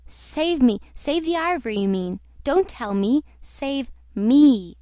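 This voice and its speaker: Woman reader doing an ailing trader, angry and defiant, high-pitched and loud, dry close recording. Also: expressive, takes it slowly, no room sound. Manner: shouting, defiant. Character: ailing, furious man ivory trader.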